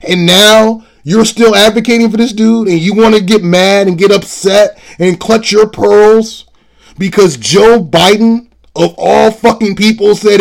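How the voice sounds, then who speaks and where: A man's voice: high voice, fairly even intonation, a little slow, vocal fry. A man hosting a show, delivering a blunt, profane commentary monologue with heavy emphasis. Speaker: show host.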